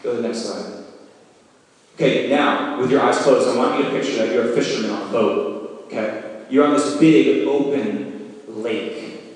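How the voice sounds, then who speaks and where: A man's voice: mid-range voice, moderate pace, long pauses. Man preaching in an echoey hall. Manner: vivid storytelling, guides listeners through imagined scenes. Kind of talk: sermon. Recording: roomy hall, mic from far off.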